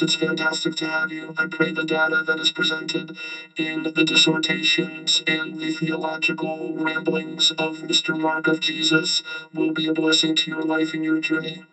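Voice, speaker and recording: A man's voice: fairly high pitch, monotone, measured pace, pitched above the performer's own voice, close to an everyday voice, poor audio. A man voicing a stiff, pompous male announcer in a put-on Russian accent, with formal, grandiose wording. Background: loud synth music.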